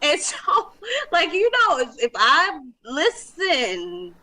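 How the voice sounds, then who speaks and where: A woman hosting a casual video-call chat, telling a story in an animated way and laughing as she goes. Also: very high voice, slow pace. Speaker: podcast host.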